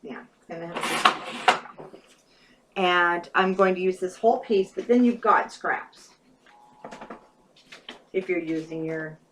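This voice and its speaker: A woman's voice: on the low side, steady tone, slow pace, pauses often, background noise. A woman casually talking through a paper craft project step by step, thinking aloud as she works. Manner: chatty, thinks aloud while working. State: hiccups. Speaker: craft tutorial host.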